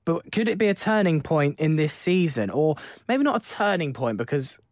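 A man's voice: a little high, sing-song, moderate pace, no room sound, clean studio sound. Man hosting a chatty football podcast. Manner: leads the talk with questions, chatty. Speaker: podcast host. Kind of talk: casual football podcast chat.

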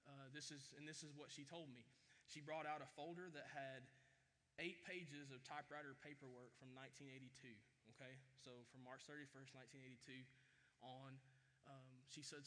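A man's voice: medium pitch, fairly even intonation, moderate pace, pushed and bright. A man from Tennessee, telling his own life story as a speaker. He talks earnestly and keeps checking in with his listeners. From Tennessee, USA. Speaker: speaker and author. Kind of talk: personal storytelling talk. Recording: echoey hall with long reverb.

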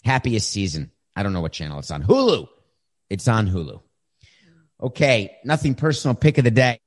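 A man hosting a talk show monologue, wry and emphatic, moving between quick asides and slow, deliberate points. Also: lowish voice, expressive. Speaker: show host. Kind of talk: monologue commentary. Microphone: camera setup.

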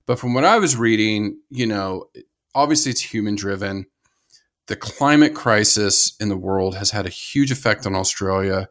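A man's voice: fairly low pitch, a bit bright. An American man co-hosting a casual conservation podcast, talking enthusiastically and rambling with frequent restarts. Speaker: podcast co-host.

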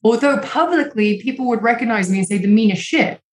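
A woman's voice: fairly high pitch, animated, a little fast, darkish tone. Young woman, podcast guest, candid and emotional, heavy swearing and "like" fillers, echoey home room. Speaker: interview guest. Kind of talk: candid conversational storytelling.

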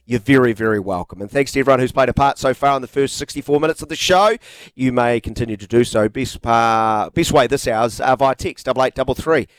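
A man's voice: medium pitch, brisk, dry recording. A man hosting a radio sports show, teasing his co-host and reading sports headlines. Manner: teasing, playfully dry. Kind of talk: casual radio banter and sports news reading. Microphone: studio microphone.

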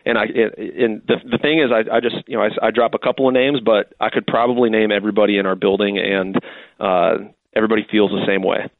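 A man from Texas with a fairly low voice, talking through a thin, phone-like line with no room echo. He rambles through his answers in a loose, casual way, circling back and restarting his sentences often. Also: level tone, fast talker. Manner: rambling, many restarts and fillers. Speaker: football player, kicker.

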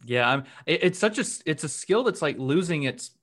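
A man's voice: fairly high pitch, animated, a little fast, fairly bright tone. A man hosting a podcast, chatting casually in a loose, rambling way full of fillers. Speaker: podcast host.

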